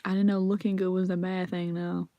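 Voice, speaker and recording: A woman's voice: lowish voice, a little fast, dry recording, dull audio. A woman ranting casually to camera, swearing freely and acting out the people in her stories. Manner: profane, animated storytelling, acts out quotes. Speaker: vlogger.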